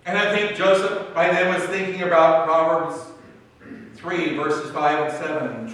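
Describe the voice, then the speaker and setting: A man's voice: a little high, fairly even intonation, unhurried, a bit bright, far from the mic. A male pastor preaching a sermon in a church, telling the story dramatically and acting out its scenes. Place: church sanctuary. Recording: echoey church hall, mic from afar.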